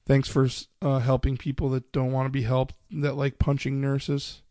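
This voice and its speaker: A man's voice: mid-range voice, completely flat delivery, normal speed, dark tone, no echo, clean studio sound. A man in his thirties hosting a podcast, telling profane family stories in casual chat and laughing often. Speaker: podcast host.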